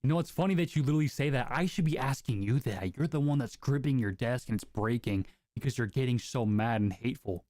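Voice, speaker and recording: A male streamer argues heatedly, cutting in with quick, profane jabs. His voice is dark and mellow at a middle pitch. The sound is dry and close, with no room around it. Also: no echo. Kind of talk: heated casual argument.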